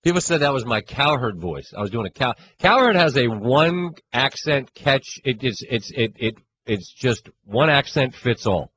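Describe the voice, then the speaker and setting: A man's voice: mid-range voice, animated, moderate pace, few pauses, a bit bright, a little hiss or hum, poor audio. Wry, chatty male sports radio host. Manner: wry, chatty, rambling with restarts. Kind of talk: casual sports talk.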